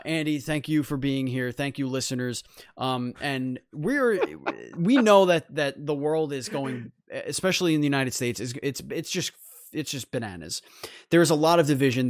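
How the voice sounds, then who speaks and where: A man's voice: mid-range voice, moderate pace, no room sound, studio quality. A man hosting a podcast, giving an earnest, rambling sign-off full of restarts and fillers. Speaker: podcast host. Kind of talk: casual sign-off chat.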